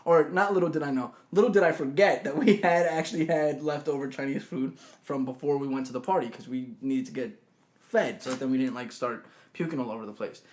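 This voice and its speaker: A young man telling a college story in a casual chat, animated and swearing freely. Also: mid-range voice, a little fast. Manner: animated, swears freely, acts out quotes loudly. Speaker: podcast co-host.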